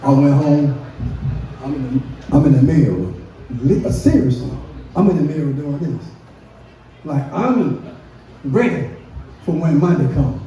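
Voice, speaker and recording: A man's voice: on the high side, lively intonation, a little slow, long pauses, dark tone. A man doing a profane stand-up comedy set, telling a work story and acting out the quotes. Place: brewery comedy stage. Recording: dull, echoey room from a distance.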